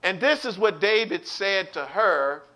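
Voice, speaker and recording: A high-voiced man gives an online Bible study sermon. His voice is bright and forceful, and he preaches with animation, acting out quotes and calling out to his listeners. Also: animated, a little slow.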